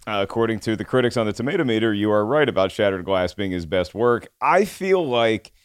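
A man's voice: lowish voice, expressive, brisk, smooth, dry recording. A man hosting a casual panel podcast, chatty and opinionated, with self-deprecating jokes. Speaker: podcast host.

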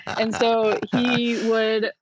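A woman's voice: on the high side, little pitch movement, drawn-out words, slight background noise. A woman chatting as a podcast guest, gushing and giggling, with many fillers. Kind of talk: casual chat.

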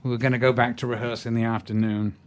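An older man, an actor being interviewed, telling stories in a rambling, halting way with many restarts. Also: mid-range voice, flat delivery. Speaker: actor, guest. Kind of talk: anecdotal storytelling in an interview.

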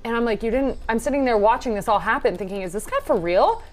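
A woman's voice: fairly high pitch, lively intonation, fast. A woman co-hosting a casual chat podcast, telling a story and acting out the people in it. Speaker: podcast co-host.

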